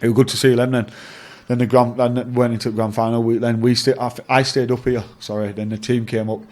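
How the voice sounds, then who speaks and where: A rugby league player in his twenties with an English accent, talking loosely as a guest in a casual chat. He rambles, restarts, laughs easily and swears now and then, with a voice of everyday middle pitch. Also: little pitch movement, a little fast, darkish tone. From England. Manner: rambling, laughs often, swears, says mate.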